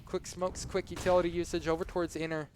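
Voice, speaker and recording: A man's voice: high-pitched, flat delivery, fast talker, slight background noise. A man doing live esports play-by-play commentary, conversational and analytical, with casual asides between calls.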